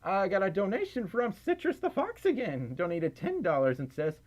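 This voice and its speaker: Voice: mid-range voice, big pitch swings, normal speed. Breathless, giggly livestreamer. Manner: giggly, flustered, stumbling over words. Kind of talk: casual livestream chat reading donations.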